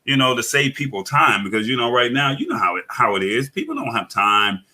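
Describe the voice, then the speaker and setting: Male tech commentator, very bright tone, casual live chat, halting and full of fillers. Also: medium pitch, big pitch swings. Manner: halting, many fillers and restarts.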